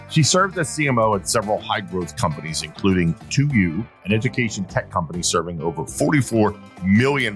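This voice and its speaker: A man from Philadelphia with a low voice hosts a business podcast. He reads his intro with emphasis and then moves into easygoing, joking conversation. Faint guitar music plays softly under his voice. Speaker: podcast host. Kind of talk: scripted intro then casual interview.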